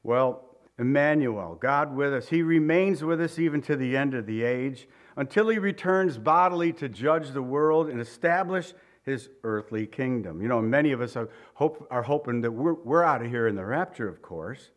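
A man's voice: mid-range voice, animated, moderate pace, few pauses. A man preaching a sermon as pastor, reading scripture aloud, praying and talking to his congregation in an earnest, conversational way. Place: church room.

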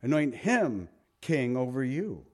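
A man preaching a sermon, swinging between loud emphatic lines and hushed soft ones. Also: mid-range voice, sing-song, takes it slowly. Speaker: pastor.

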